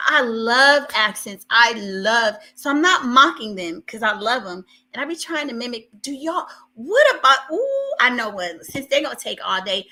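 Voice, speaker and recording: Bright-voiced chatty woman streamer. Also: fairly high pitch. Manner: chatty, animated, laughing asides. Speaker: live stream host. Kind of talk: casual live commentary to a chat.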